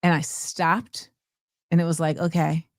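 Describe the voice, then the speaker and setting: A lively woman hosts a casual chat, speaking at a moderate pace in a fairly high voice. She's an animated storyteller who acts out quotes, and the sound is clean studio audio with no room sound.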